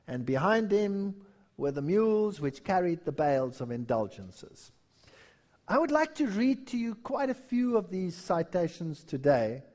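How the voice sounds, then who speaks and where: A man preaching with a high, lively voice that swoops up and down as he tells a story. He acts out the quotes with animation and keeps the pitch moving. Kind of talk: sermon-style history lecture.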